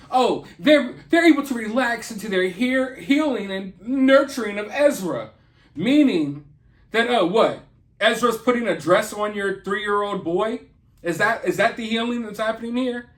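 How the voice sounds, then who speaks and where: A man hosting an opinion commentary vlog, talking in an indignant, emphatic and mocking way. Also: high-pitched. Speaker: commentary channel host.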